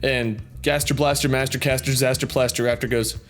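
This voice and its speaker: Brief: male gaming host, mid-pitched, chatty and self-amused while reading comments, soft music underneath. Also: steady tone, brisk, few pauses. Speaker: YouTube gaming channel host. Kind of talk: casual reading of viewer comments.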